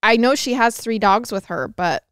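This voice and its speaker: A young woman co-hosting a podcast, cutting in with quick, teasing remarks. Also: on the high side, animated, fairly bright tone, clean tone, no echo, studio quality. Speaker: podcast co-host. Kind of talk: casual chat.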